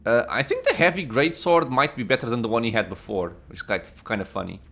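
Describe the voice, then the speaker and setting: A man's voice: mid-range voice, very animated, fast, a bit bright. A man giving casual gameplay commentary as a let's play host, thinking aloud with many "uh"s and laughing at himself.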